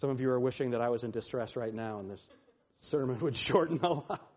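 A man preaching a sermon, swinging from loud, pleading lines to hushed, quiet ones. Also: medium pitch, a little fast. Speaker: pastor.

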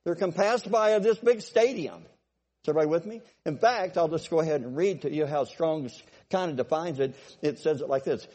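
Conversational preacher in a reverberant hall. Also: male voice, fairly high pitch, normal speed, dark tone. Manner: conversational, repeats himself, asks the congregation if they follow. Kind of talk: sermon.

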